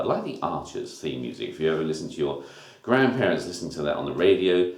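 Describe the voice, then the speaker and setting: A man's voice: rumbling low, expressive, fairly quick. A man teaching a music lesson, explaining new terms step by step in an informal way. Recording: echoey room.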